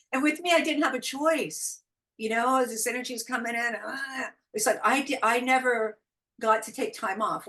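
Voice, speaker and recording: A middle-aged woman from the United States, a guest telling spiritual stories in casual interview chat, animated and quick to laugh. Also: medium pitch, low-quality recording. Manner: animated storytelling, frequent laughs, acts out quoted voices. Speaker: guest, intuitive guide.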